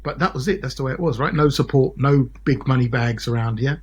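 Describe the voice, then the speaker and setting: A man in his forties from Britain, a solicitor telling his story as a podcast guest in an animated way, often checking in with "yeah?" and "right?". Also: medium pitch, fairly quick, husky. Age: 40s. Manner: animated, peppered with tag questions like "yeah?" and "right?". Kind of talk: casual podcast interview storytelling.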